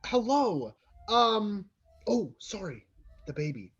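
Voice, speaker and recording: A man's voice: high-pitched, big pitch swings, takes it slowly, breathy edge. Hesitant male player, dull lo-fi audio. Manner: hesitant, full of restarts. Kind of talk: tabletop game play.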